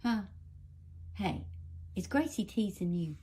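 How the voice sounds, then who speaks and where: A woman's voice: medium pitch, lively intonation, slow, mellow. A woman talking to her dogs in a coaxing, scolding, sing-song way. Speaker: pet owner filming her dogs. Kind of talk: casual talk to dogs.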